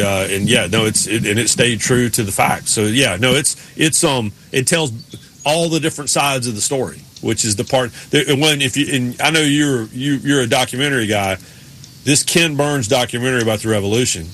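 A man's voice: mid-range voice, fairly bright tone, slight background noise. Enthusiastic rambling American man. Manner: enthusiastic, rambling, many restarts. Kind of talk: casual conversation.

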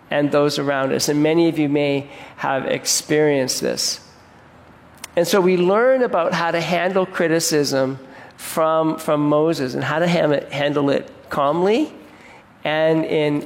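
Earnest preaching man in a reverberant hall. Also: on the high side. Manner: earnest, repeats and restarts words, asks the congregation questions. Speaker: pastor. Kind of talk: sermon. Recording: long reverb of a large hall.

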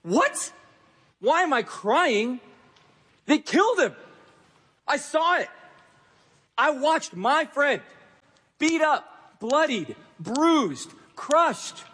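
A preacher voicing a grieving young woman at a tomb, asking anguished, pleading questions in a husky voice. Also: extremely high pitch, very animated, drawn-out words, pauses often, sharp tone, in a large hall, pitched above the performer's own voice, heavily acted.

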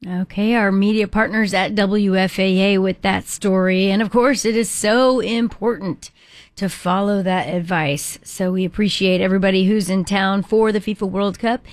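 A woman's voice: medium pitch, steady tone, moderate pace, no echo. A woman hosting a live morning show, chatty and upbeat as she introduces clips. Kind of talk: live broadcast chat.

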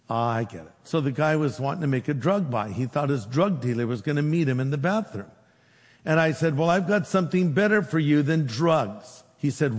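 A man pastor preaching a sermon, telling a story with lively quoted dialogue. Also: on the high side, brisk, in a large hall.

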